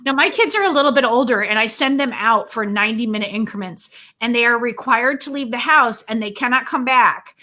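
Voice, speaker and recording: Bright, animated woman podcast co-host. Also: fairly high pitch, fairly quick, few pauses. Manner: animated, storytelling with lively retelling. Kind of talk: casual chat.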